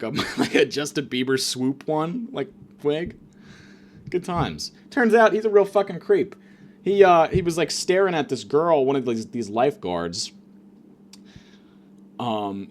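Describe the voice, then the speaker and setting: A man hosting a comedic monologue, ranting in a rambling, profane way, full of fillers and restarts. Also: mid-range voice. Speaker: comedian host.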